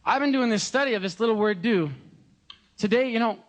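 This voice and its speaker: A young American man in his twenties, giving a joking, animated sermon at a live concert and mimicking voices. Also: extremely high pitch, brisk. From United States. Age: 20s. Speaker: gospel singer preaching.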